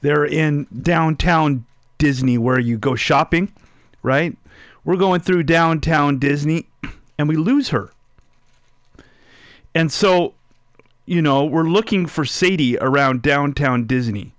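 Man preaching, unhurried delivery, dry close sound, chatty, rhetorical questions, softens on key lines. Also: on the high side, smooth, dry recording. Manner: conversational, asks listeners rhetorical questions; drops soft and slow on key phrases. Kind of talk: sermon with personal story.

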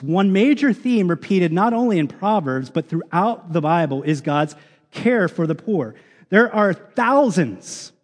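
Man preaching in a reverberant hall. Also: on the high side. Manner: earnest, reads scripture aloud with many ums. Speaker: pastor. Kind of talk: sermon. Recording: long reverb of a large hall.

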